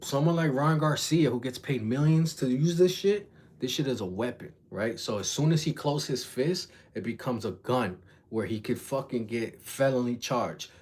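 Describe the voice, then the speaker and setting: A man's voice: medium pitch, moderate pace, darkish tone, slightly rough. A young man telling a story on a livestream in casual, profane slang, acting out the voices of the people in it. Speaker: reaction vlogger.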